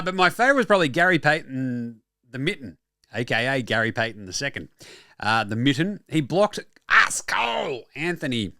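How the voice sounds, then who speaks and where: An Australian man hosting a basketball show, talking casually and excitedly with frequent swearing and quick asides. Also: medium pitch, dry recording, studio quality. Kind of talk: casual sports talk.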